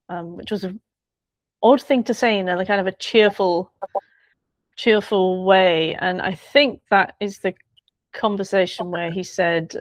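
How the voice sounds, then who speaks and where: A woman author recalling a friend in a relaxed interview, chatty and quick to laugh. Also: mid-range voice, no room sound. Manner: chatty, laughs often, trails off and restarts. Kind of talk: conversational interview.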